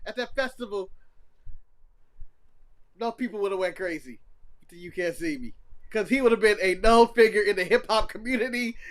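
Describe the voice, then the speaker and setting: Man, podcast co-host, high voice, animated, laughs a lot. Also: brisk, pauses often. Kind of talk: casual podcast chat.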